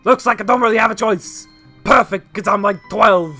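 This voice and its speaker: A young man hosting a let's play, goofy and joking, breaking into shouts. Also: sits high, moderate pace, faint music behind. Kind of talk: comedic game commentary.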